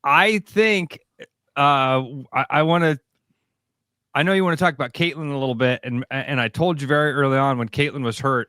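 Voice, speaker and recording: A man's voice: mid-range voice, normal speed, bright, forceful tone, clear, resonant tone, no echo. Midwestern male co-host, punchy and repetitive, preaching takes, dry studio. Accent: American Midwest. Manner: emphatic, repetitive, preachy riffs. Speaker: sports radio co-host. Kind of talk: opinionated sports talk. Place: radio studio.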